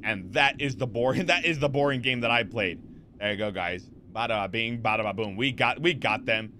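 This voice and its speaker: A man streaming from his home setup talks straight into a desk mic, with a clear, bright, forward voice. He rambles through chat messages, answers viewers on the fly and keeps circling back with "like" and "you know". His pitch sits in the middle of the male range. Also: moderate pace, slight background noise. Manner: rambling, animated, lots of fillers and repeats; reads chat messages aloud and answers them. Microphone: desk microphone.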